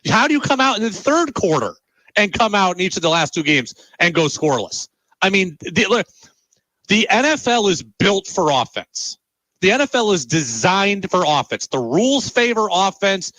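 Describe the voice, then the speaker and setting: A man's voice: sits high, big pitch swings, normal speed, sharp tone, no room sound, rough recording. A man hosting sports talk radio, exasperated and emphatic, hammering his points home with repeated rhetorical questions.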